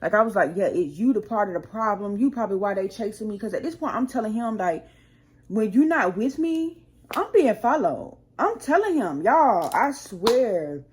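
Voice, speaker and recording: A woman's voice: mid-range voice, animated, fairly quick, few pauses, breathy edge. A woman hosting her own channel, telling a rambling storytime full of profanity and acting out her heated arguments. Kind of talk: casual storytime monologue.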